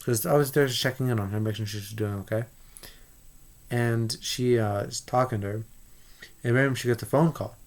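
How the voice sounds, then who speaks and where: Man vlogger, mid-pitch, rambling spoiler review, eager and loose, keeps restarting. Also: fairly quick, long pauses. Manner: rambling, excitable, many restarts. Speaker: movie reviewer.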